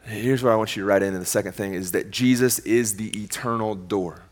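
Speaking in a voice on the low side, a male pastor gives a sermon that swings from loud, emphatic statements to hushed, slower stretches. His phrasing stays casual and conversational.

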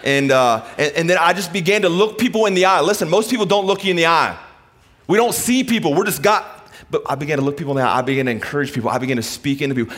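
A middle-aged man preaching a sermon, telling stories and moving from hushed lines to emphatic ones. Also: a little high, fast. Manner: storytelling, swings from hushed to emphatic. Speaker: pastor.

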